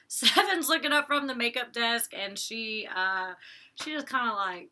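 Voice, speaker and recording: A young woman with a slightly high voice talks a little slowly, her tone pushed and bright. She's a vlogger recapping a reality show in slangy, chatty fashion, acting out the cast's quotes and laughing along.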